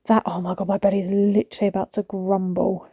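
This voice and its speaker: A woman's voice: mid-range voice, little pitch movement, fast talker, warm tone, breathy edge, no echo, clean studio sound. A woman in her thirties with a British accent, chatting casually to a phone camera at home while doing housework, rambling and often dropping to a whisper. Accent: British English. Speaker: vlogger. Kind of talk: casual chat while decluttering. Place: small home, indoors.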